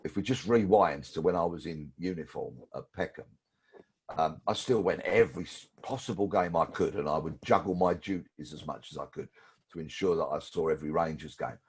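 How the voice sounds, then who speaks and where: A man, a former detective telling stories in a lively way as an interview guest. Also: low-pitched, brisk, husky. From London. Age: 60s. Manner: lively anecdotal storytelling. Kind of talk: storytelling interview.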